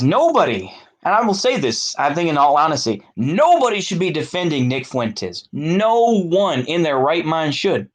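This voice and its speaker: Animated Texan man ranting. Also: on the high side. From Texas. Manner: profane, exasperated ranting with sarcastic asides. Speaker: political commentator. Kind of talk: solo rant to camera.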